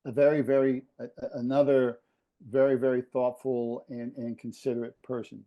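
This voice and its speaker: A man from the New York area, a podcast guest telling animated stories with frequent restarts. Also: mid-range voice, moderate pace, highs cut off. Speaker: former basketball operations director, guest. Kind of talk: casual storytelling.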